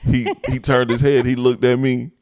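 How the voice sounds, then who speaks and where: A man, co-hosting a casual chat and telling animated, laughing stories full of profanity. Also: mid-range voice, moderate pace. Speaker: podcast co-host.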